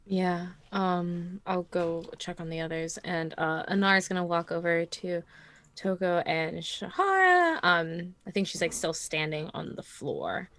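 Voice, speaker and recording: A woman's voice: lowish voice, animated, a little slow, a bit bright. A woman playing in a tabletop game, chatting casually with many fillers and frequent laughs. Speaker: player.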